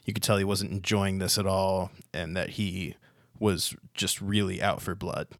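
A man narrating as game master in a tabletop game, relaxed, with fillers and restarts. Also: low-pitched, normal speed, no room sound, clean studio sound.

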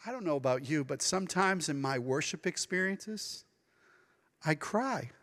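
A man preaching a sermon as pastor, dramatic and expressive, now and then acting out the voices of people he quotes. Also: on the high side, normal speed, in a large hall. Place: church sanctuary.

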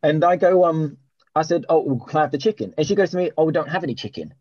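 Animated husky man telling a story. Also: fairly high pitch, fast talker, no echo, lo-fi sound. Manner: animated, swears a lot, with many restarts and reported speech. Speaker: podcast host. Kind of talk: casual storytelling.

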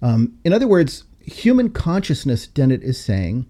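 A man's voice: mid-range voice, huge pitch swings, moderate pace, warm tone. A man hosting a podcast discussion, talking in an emphatic, lecturing way. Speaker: podcast host.

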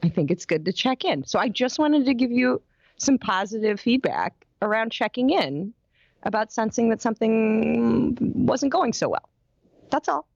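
A woman therapist co-hosting, giving gentle, affirming feedback and careful clarifications. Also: a little high, animated, moderate pace, vocal fry, no echo, muffled recording. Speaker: sex therapist co-host. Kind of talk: conversational commentary.

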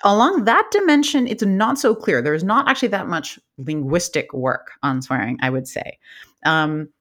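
An academic guest talks through a research topic with an enthusiastic, laughing manner, often jumping up in pitch. The voice sits at a middling pitch and sounds like easygoing podcast chat. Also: very animated, moderate pace, fairly bright tone. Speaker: linguist guest. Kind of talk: animated academic podcast interview.

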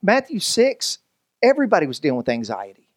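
A man preaches with a high-pitched voice, joking with the congregation as if chatting with friends. He backs up and restarts his sentences often as he works toward a point. The sound is dry and close, with no room echo. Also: wildly swooping pitch, a little fast. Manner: conversational, joking, many restarts. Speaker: pastor. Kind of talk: sermon.

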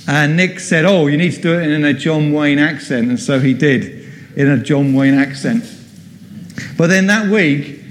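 A man preaching a sermon in a relaxed, chatty way, quizzing his congregation as he goes. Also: fairly high pitch. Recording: long hall reverb.

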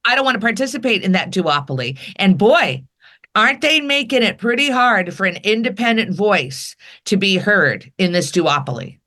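Bright-voiced woman comedian chatting. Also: mid-range voice, moderate pace. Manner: animated storytelling, acts out quoted people. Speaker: comedian guest. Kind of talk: casual political chat.

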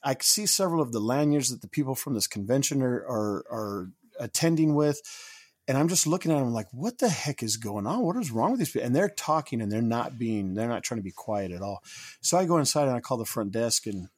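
A man co-hosting a podcast, telling a story in casual chat with animated, rising indignation. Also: medium pitch, a little fast. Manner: animated, rising to loud indignation when quoting himself. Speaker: podcast co-host.

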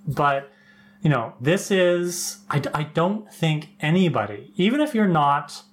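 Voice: medium pitch, big pitch swings, a little slow. A podcast co-host in casual chat about a TV episode, with dry, joking asides.

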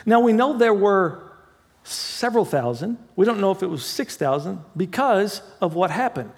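Animated high-voiced male preacher in a reverberant hall. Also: moderate pace. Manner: conversational preaching with asides and self-corrections. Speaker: pastor. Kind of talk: sermon.

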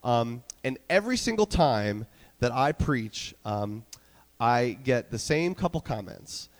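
A man from New York preaching a casual sermon as a church's student director, talking fast with many fillers while a bit stuffy from a cold. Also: mid-range voice, very animated, long reverb tail. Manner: quick-talking, chatty, many fillers and restarts. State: stuffy, getting over a cold. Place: church sanctuary.

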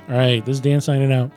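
A man's voice: medium pitch, darkish tone. A man hosting a casual podcast chat with friends, easygoing and laughing often as he wraps up the show. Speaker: podcast host.

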